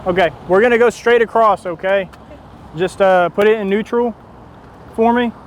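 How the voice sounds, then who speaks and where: High-pitched cop guy, easygoing and reassuring, traffic noise all around him. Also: normal speed, rough recording. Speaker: police officer. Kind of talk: casual on-duty narration to camera. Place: outdoors on a busy road. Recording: street noise outdoors.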